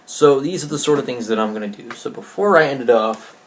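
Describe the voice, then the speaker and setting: A man's voice: mid-range voice, animated, a little fast, noisy background. A man casually chatting to camera in a vlog, rambling along with many restarts and filler words. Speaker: YouTuber.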